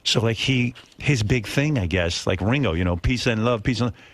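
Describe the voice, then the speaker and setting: Low-voiced radio host telling a story. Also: male voice, normal speed. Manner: self-deprecating storytelling, profane, animated quotes. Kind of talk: casual talk radio chat. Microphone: studio broadcast mic.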